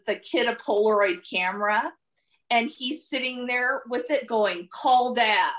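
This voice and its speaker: A woman co-hosting a podcast, chiming in with short, lively remarks in casual chat. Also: a little high, unhurried. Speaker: podcast co-host.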